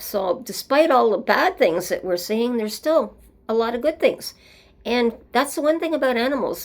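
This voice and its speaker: A woman's voice: medium pitch, vocal fry. A woman hosting a solo show, speaking in an earnest, meandering way as she reflects and tells stories. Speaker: host.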